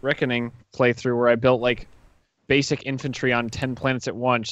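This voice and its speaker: A man's voice: medium pitch, flat delivery, moderate pace, a bit bright, highs cut off. A man joking around in a casual gaming chat over a voice call.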